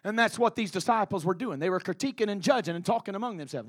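Impassioned high-voiced male preacher. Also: animated, quick pace, no echo, studio quality. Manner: impassioned, shouting, dramatic storytelling. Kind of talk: sermon.

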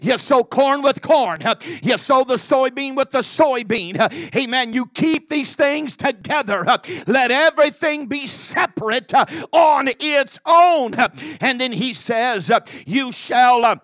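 A man preaching a sermon in a very high, piercing voice, opening almost every phrase with "uh" and punctuating with "amen". The sound is close and dry, with no room echo. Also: expressive, a little slow, fairly bright tone. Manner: chanted preaching cadence, starting phrases with "uh" and ending with "amen".

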